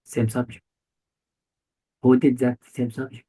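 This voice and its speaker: A man's voice: mid-range voice, completely flat delivery, measured pace, dark tone, breathy edge, low-quality recording. A male tutor giving a one-on-one grammar lesson, quizzing his student with short repeated questions. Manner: quizzing, repetitive questions, non-native phrasing. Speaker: English test tutor.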